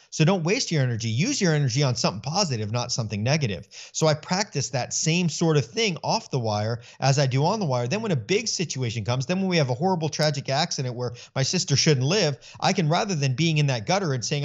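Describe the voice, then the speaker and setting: A middle-aged man speaking earnestly in an interview, telling stories with animated voicing of his own thoughts. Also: medium pitch, quick pace, few pauses, lo-fi sound. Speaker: guest. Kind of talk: conversational interview.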